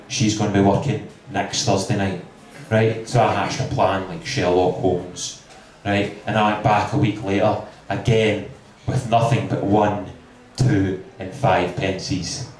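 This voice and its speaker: A man's voice: lowish voice, darkish tone. A Scottish man in his twenties doing a stand-up routine, telling a story with dry asides. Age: 20s. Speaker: stand-up comedian. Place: comedy club stage. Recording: echoey venue from far off.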